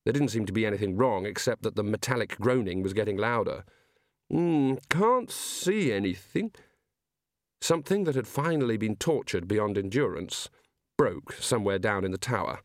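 A man's voice: on the low side, fairly quick, dry recording. A man reading a comic fantasy audiobook aloud in a dry, wry storytelling manner. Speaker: audiobook narrator. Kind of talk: scripted narration.

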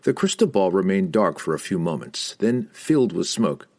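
A man narrating a fantasy audiobook in an expressive, steady storytelling manner. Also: sits low, normal speed.

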